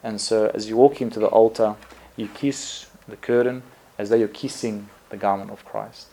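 A priest with a fairly low, gravelly, slightly rough male voice delivers a conversational sermon at normal speed. He tells stories in a relaxed way, full of fillers and self-corrections, often laughing at himself.

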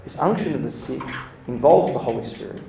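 A man's voice: medium pitch, animated, fairly quick, vocal fry, crowd noise. A man giving an informal sermon, chatty and storytelling, laughing between points. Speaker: church speaker. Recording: echoey room, mic from a distance, faint ambience.

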